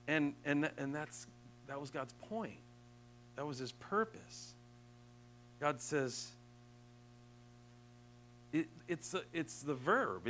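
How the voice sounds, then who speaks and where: Bright-voiced preacher, slow and earnest. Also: male voice, fairly high pitch, animated, low-quality recording. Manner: earnest, building to emphatic peaks then dropping soft and slow. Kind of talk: sermon.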